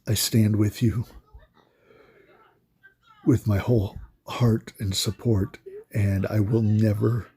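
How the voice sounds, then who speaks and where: A man commentating on a card game in a halting, soft-spoken way, with many pauses and fillers. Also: lowish voice, steady tone. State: emotional, voice breaking. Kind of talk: casual gameplay commentary.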